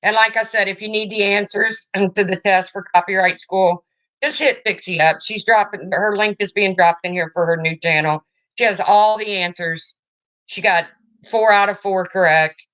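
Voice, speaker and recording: A woman's voice: mid-range voice, steady tone, moderate pace, a bit bright. A woman hosting a casual livestream, chatting and answering viewer comments as they come in. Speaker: livestream host.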